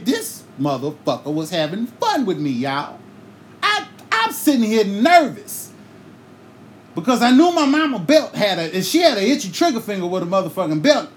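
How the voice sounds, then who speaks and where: Lively profane male storyteller. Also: very high voice, moderate pace, slight background noise. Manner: profane, animated, with sung asides. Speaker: podcast host. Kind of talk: comic storytelling.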